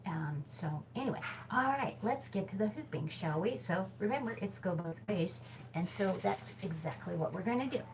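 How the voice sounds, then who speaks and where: A woman's voice: mid-range voice, animated, moderate pace, darkish tone, a little hiss or hum, low-quality recording. Chatty woman teaching hoop moves. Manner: chatty, giggly, self-deprecating with many fillers. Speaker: hoop fitness instructor. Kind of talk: casual instructional video. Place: small temporary office space by a back door. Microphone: camera mic, moving around while hooping.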